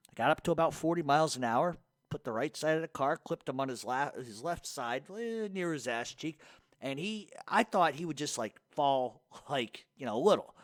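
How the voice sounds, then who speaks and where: A middle-aged man spins stories and answers questions in loose, cussing talk, laughing as he goes. His pitch leaps up and down as he tells it. The sound is close and dry, with no room around him. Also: moderate pace, no room sound. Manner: profane, laughs often, animated storyteller. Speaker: podcast host. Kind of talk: casual storytelling and Q&A.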